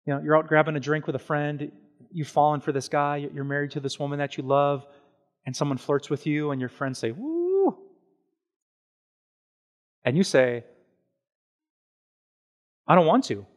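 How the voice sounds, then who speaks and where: A man preaching a sermon as pastor, animated and conversational, with slow, hushed stretches on solemn points. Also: fairly high pitch. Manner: animated and conversational, with everyday examples and quick asides.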